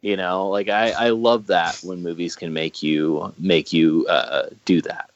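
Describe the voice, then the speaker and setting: Deep and steady, this man's voice moves at an unhurried pace as he co-hosts a movie podcast, chatting eagerly and loosely and often restarting what he's saying. Heavy background noise sits under the dull, lo-fi audio.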